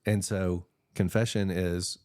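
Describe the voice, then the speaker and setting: A man's voice: deep voice, fairly even intonation, slow, darkish tone, clear, resonant tone, dry recording, clean studio sound. A man who preaches at church, co-hosting a faith podcast in casual, earnest, reflective chat.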